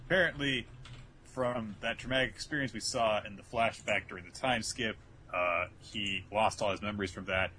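With a slight hiss or hum in the background, a man with a lowish voice talks at normal speed while co-hosting a casual podcast. He animatedly recaps an anime episode, jumping into loud character voices whenever he quotes someone.

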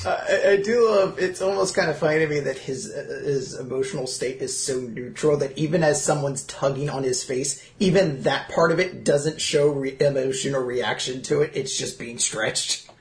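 A man's voice: mid-range voice, normal speed, few pauses. Man joking in a roomy echo. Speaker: podcast co-host. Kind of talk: casual chat. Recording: roomy echo with faint noise.

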